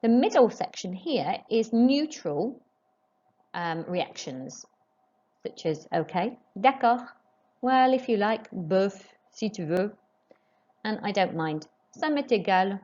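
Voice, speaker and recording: A woman teaching a French lesson, modelling phrases slowly and clearly for pupils to repeat. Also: medium pitch, expressive, darkish tone, dull audio. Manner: slow, clearly modelled French pronunciation with rising questions. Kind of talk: recorded classroom lesson.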